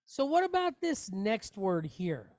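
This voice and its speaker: A man's voice: high voice, big pitch swings, measured pace, a little mellow, no room sound. A man teaching a Hebrew reading lesson online, patiently spelling out letters and vowels with jokey asides. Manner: patient, explains step by step with asides.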